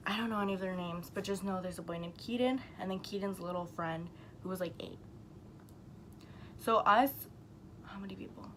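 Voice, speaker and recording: A woman's voice: mid-range voice, slight background noise, poor audio. A young woman chatting casually to her camera, telling a rambling story full of "like" and the odd swear.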